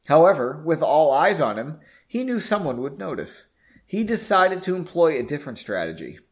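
A man reads a fantasy story aloud in a relaxed, casual way, often stopping for jokey asides and re-reading lines he stumbles on. His voice sits slightly high and swings widely in pitch. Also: moderate pace. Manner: chatty, self-correcting, jokey asides. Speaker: reader.

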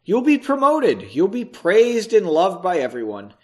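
A man's voice: high-pitched, huge pitch swings, unhurried, heavily acted. A man voicing a frustrated young woman who argues in a raised, heated voice and then pleads with her lover. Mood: pleading.

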